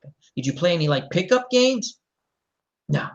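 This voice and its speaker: A middle-aged man hosting a casual chat, telling a long story in a rambling, animated way and acting out the quotes. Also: sits high, normal speed, lo-fi sound. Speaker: show host.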